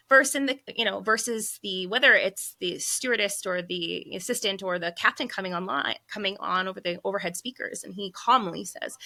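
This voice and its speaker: A middle-aged woman co-hosting a parenting podcast, telling a story in a lively casual way with fillers. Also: medium pitch, fairly quick, gravelly, hardly any pauses. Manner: animated storyteller with filler words. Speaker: podcast co-host and psychologist.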